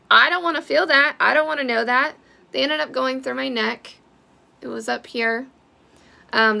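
A woman talks straight to camera in a candid vlog, blunt and heated, and she swears without holding back. Her voice is strongly gravelly with heavy vocal fry. It sits a little high and has a sharp, tense edge. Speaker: vlogger sharing a personal health update.

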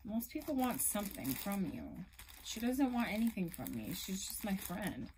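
A young adult woman gushing in a casual unboxing vlog, emotional and effusive, at times dropping to a soft whisper. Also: medium pitch, big pitch swings, moderate pace, slight background noise, rough recording. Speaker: reborn doll collector vlogger.

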